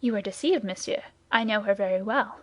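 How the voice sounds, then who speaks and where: A woman reading aloud, voicing a noble foreign lord who speaks calmly and with dignity. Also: mid-range voice, fairly quick, no room sound, lightly acted. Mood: dignified.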